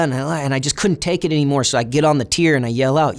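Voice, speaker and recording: A young man talks through a hard memory in an easygoing, unhurried way, slipping into the voices of the people he remembers. His voice sits at an ordinary middle pitch, neither deep nor high. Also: clean tone. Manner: casual, reflective retelling with acted quotes of other inmates. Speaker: interview guest. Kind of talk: storytelling in an interview.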